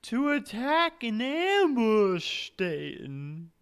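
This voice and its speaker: A game master voicing the timid ghost of a murdered young woman in a tabletop game, with a high, wavering, drawn-out wail. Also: big pitch swings, clear, resonant tone, full character voice. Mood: timid, ghostly.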